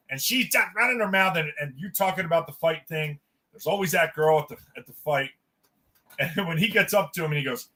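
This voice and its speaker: Animated bright-voiced man telling stories. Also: on the high side, brisk. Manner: animated storyteller, acts out quotes, swears freely. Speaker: podcast co-host. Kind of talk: casual chat.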